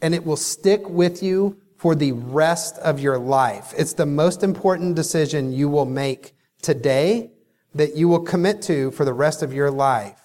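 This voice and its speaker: A man giving a motivational keynote speech, emphatic, telling stories with dramatic pauses, in a large hall. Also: fairly high pitch, darkish tone. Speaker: keynote speaker. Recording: long hall reverb.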